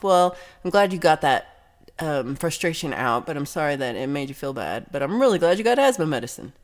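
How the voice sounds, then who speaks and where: A woman's voice: low-pitched, big pitch swings, fairly quick. A woman hosting a casual livestream chat, reading viewer comments aloud and reacting with giggles and chatty asides. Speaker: livestream host.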